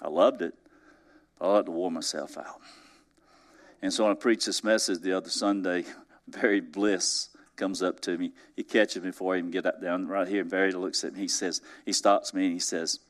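Male pastor, lowish voice, folksy storytelling sermon, chuckles often, drops to near-hush for emphasis. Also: steady tone, a little fast. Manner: conversational, swinging between emphatic rises and soft, hushed drops; chuckles through his stories.

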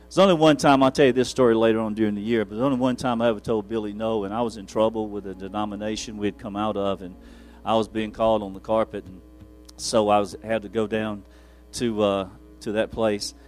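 A man's voice: lowish voice, steady tone, quick pace, a little mellow, faint music behind. Chuckling, rambling male pastor. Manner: rambling, chuckling, self-deprecating. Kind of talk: folksy storytelling from the pulpit.

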